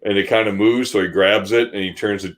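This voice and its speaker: Lowish-voiced man telling a funny story. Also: fairly quick. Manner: animated, laughing through a funny story. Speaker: podcast co-host. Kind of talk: casual storytelling chat.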